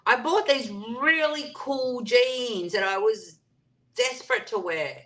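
Slow, bright-voiced woman chatting live. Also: a little high, lively intonation. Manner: chatty, reads viewer comments aloud and answers them. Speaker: livestream host. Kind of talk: casual live-stream chat.

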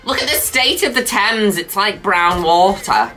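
A woman commentating her own gameplay in a campy, exclamatory way, jumping from squeals of excitement to low muttered asides. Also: measured pace, faint music behind. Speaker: gaming video host. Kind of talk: let's-play commentary.

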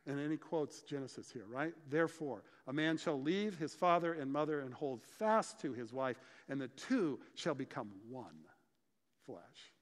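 A man preaching a sermon, explaining scripture and telling stories with lively, acted-out dialogue. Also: medium pitch, a little slow. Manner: animated storytelling, acts out dialogue. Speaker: pastor. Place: church sanctuary. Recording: church hall reverb.

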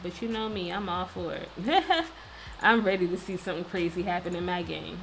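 A woman's voice: on the low side, moderate pace, fairly bright tone, soft background music. A woman hosting a casual let's-play, chatting playfully and talking to the characters on screen. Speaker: gaming video host.

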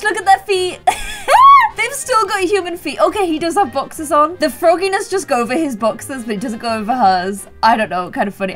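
A young woman giving giggly, playful commentary over her life-sim game. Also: high-pitched. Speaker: gaming YouTuber. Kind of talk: casual gameplay commentary.

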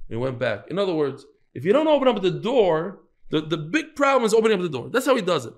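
A man teaching a daily Talmud class, telling stories with lively acted-out quotes and Hebrew and Yiddish terms. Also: high voice, fast, hardly any pauses.

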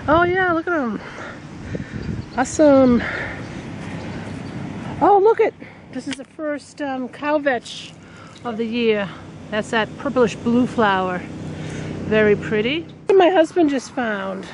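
Excitable New woman vlogging outdoors. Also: a little high, measured pace. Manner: excitable, exclaims often. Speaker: nature vlogger. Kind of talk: casual outdoor vlog narration. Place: outdoors by a river and roadside. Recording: outdoor traffic noise behind.

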